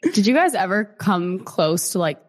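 A woman co-hosting an interview, asking eager questions and reacting excitedly to stories. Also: mid-range voice, unhurried. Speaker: podcast co-host. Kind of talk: casual interview chat.

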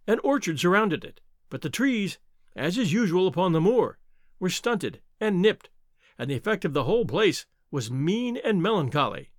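A man reading a classic novel aloud as an expressive first-person narrator. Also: high voice, moderate pace, no room sound, studio quality.

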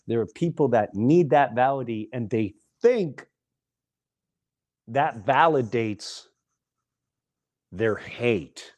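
A middle-aged man hosting a podcast, delivering an impassioned monologue and hammering single words with long pauses between them. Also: medium pitch, animated, a little mellow. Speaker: podcast host.

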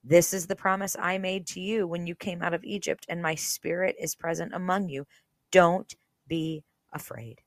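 Woman podcaster with a low voice, reading the Bible aloud with earnest, casual commentary, recorded dry and close. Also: steady tone, moderate pace, dry recording. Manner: earnest, conversational, many fillers. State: briefly emotional.

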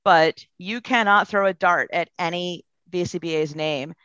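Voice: medium pitch, a little slow, sharp tone, clear, resonant tone, no echo. Earnest guest on a dull, dry line. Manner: earnest, thoughtful, reflective. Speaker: guest, behavior analysis professional. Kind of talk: podcast interview answers.

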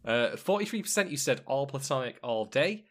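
A man's voice: medium pitch, big pitch swings, fairly quick. A man hosting a podcast in casual chat, who rambles with wry jokes and asides. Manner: rambling, wry and joking, many fillers and asides. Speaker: podcast host.

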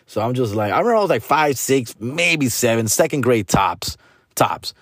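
A man's voice: mid-range voice, big pitch swings, normal speed, no echo, studio quality. Profane Chicano man spinning a rambling story. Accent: Chicano English from Los Angeles. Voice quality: slangy, profane, mixes in Spanish. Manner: rambling, trails off and restarts, says "fool" and "dog" often. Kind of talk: casual storytelling monologue.

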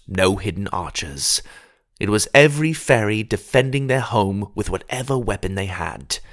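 A man narrating a fantasy storybook in the first person with a dramatic, animated reading. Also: fairly low pitch.

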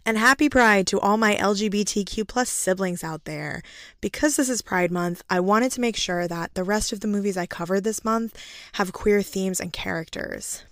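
A raspy, hoarse woman hosting her own podcast alone, speaking in an earnest, enthusiastic way. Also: mid-range voice, normal speed, no room sound, clean studio sound. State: hoarse from laryngitis. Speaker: podcast host. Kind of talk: solo podcast monologue.

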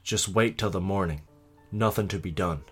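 A man voicing a stout older country innkeeper woman who speaks calmly and coldly. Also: deep voice, normal speed, slightly rough, soft background music. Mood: quietly sad. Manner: calm, cold, quietly insistent.

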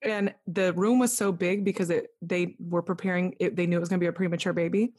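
A woman's voice: lowish voice, steady tone, quick pace, darkish tone, breathy edge. A young woman candidly retelling a personal story as a podcast guest, acting out what others said to her. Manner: candid, vivid retelling with quoted dialogue.

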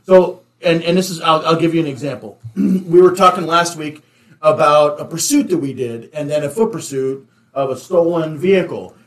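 High-voiced emphatic ex-cop. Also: male voice, moderate pace. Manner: emphatic, swears, restarts sentences. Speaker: former police officer, podcast co-host. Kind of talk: casual chat, moderating questions.

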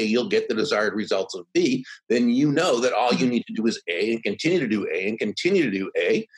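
Lively older man telling stories. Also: mid-range voice, rough recording. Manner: animated, does voices when quoting others. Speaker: podcast guest. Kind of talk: conversational storytelling.

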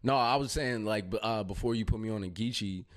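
A man's voice: on the low side, brisk. A man chatting in a laid-back, slangy way. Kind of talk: casual chat.

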